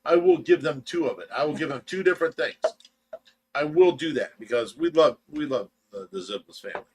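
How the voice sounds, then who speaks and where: A man's voice: on the high side, expressive, brisk, background noise. An older man co-hosting a casual livestream, teasing his son and laughing often. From United States. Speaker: livestream co-host.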